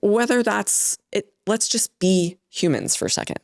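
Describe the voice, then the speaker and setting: A woman's voice: medium pitch, unhurried, gravelly, no echo, studio quality. A woman guest in an interview, speaking candidly and telling personal stories with feeling. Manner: candid, tearful at times, animated storytelling. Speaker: guest, health company founder. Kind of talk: emotional interview conversation.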